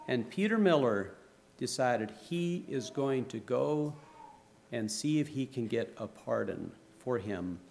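A man's voice: mid-range voice, lively intonation, slow pace, vocal fry. A man preaching a sermon, reading a story aloud and quoting scripture. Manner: reads story aloud, raising voice for quoted shouts.

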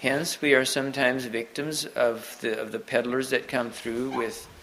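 A man giving an unscripted sermon to a Mennonite congregation, halting often and restarting his sentences. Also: mid-range voice, little pitch movement, fairly bright tone, slight background noise, poor audio. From Mennonite community. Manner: halting, many restarts and repeated words. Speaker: preacher.

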